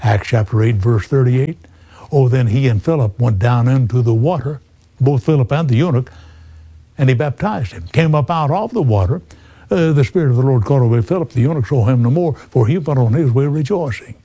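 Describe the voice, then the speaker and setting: A man in his eighties preaching a sermon, slow and earnest, often calling the listener "friend". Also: mid-range voice, animated, warm tone, dry recording. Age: 80s.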